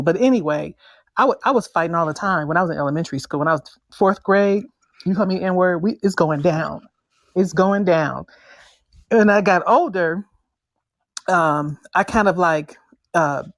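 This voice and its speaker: Woman, 60s, low voice, earnest, measured, dry sound. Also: dry recording. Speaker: panelist. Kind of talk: personal story in a panel chat.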